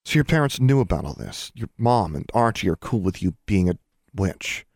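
A man voicing a scared, angry eleven-year-old boy in an audiobook, straining high when he shouts. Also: sing-song, normal speed, no room sound, clean studio sound, exaggerated voice. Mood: doubtful.

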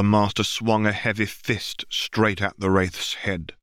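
Deep-voiced man reading a story. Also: slow, smooth, no room sound, clean studio sound. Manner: steady storytelling. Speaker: audiobook reader. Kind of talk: fanfiction audiobook narration.

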